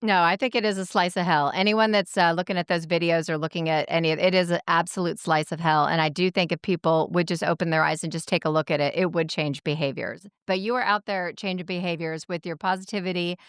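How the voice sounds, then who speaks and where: A woman's voice: on the low side, fairly even intonation, fast talker, few pauses, smooth, no echo, studio quality. A woman podcast host, enthusiastic and affirming, interviewing a guest and then reading the show's outro. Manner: enthusiastic, agreeable, warmly affirming.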